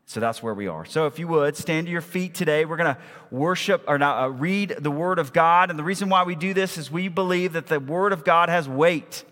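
A man's voice: a little high, a little fast, fairly bright tone, in a large hall. A male pastor preaching in a church, reading a Bible story aloud and acting out the quoted lines with dramatic emphasis. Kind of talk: sermon with scripture reading. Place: church sanctuary.

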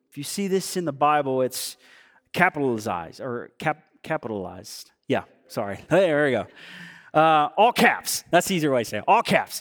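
A male pastor delivers a sermon in a relaxed, conversational manner, pushing up in pitch and volume on his key points. His voice is mid-pitched and carries a long reverb from a church hall. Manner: conversational preaching with rising emphasis and asides.

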